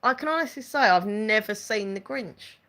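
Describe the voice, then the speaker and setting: A woman's voice: medium pitch, animated, moderate pace, pushed and bright. A woman hosting a casual live-stream chat, giggling often and reading out viewer comments. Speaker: channel host chatting with live viewers.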